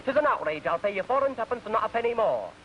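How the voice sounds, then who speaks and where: An outraged, penny-pinching Scotsman, as a man puts him on, protesting in a thick brogue that leaps high and swoops wildly. It sounds like a dull, hissy old radio broadcast. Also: sing-song, racing. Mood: indignant. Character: stingy indignant Scottish traveler, grown man. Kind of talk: joke told on 1940s radio.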